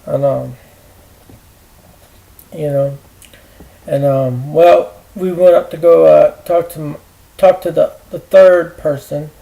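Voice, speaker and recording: A man ranting to camera in a rambling, profane way, halting with fillers and restarts. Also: on the high side, steady tone, creaky, mellow, rough recording. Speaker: vlogger. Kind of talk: rambling personal rant.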